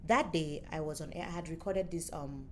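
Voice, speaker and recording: A young adult woman with a Nigerian accent, telling her story as an interview guest in lively, playful chat and acting out the voices of others. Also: deep voice, brisk, background noise. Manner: animated, playful storyteller who acts out quotes. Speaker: musician and former radio presenter, interview guest.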